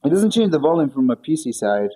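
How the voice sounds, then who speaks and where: A man streams himself working out and chats loosely with his viewers. His talk wanders and he jokes along the way. His voice sounds mellow and dark. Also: on the high side, sing-song, fast talker. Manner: rambling, joking, talking to chat. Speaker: livestreamer. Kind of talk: casual stream chat while working out.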